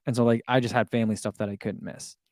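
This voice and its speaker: A middle-aged man hosts a casual running livestream, reading viewer comments aloud and chatting between them. He talks in an easygoing, rambling way and laughs easily. His voice sits at an ordinary pitch and sounds dry and close to the mic. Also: little pitch movement, fast, darkish tone, dry recording. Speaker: running channel host reading live chat.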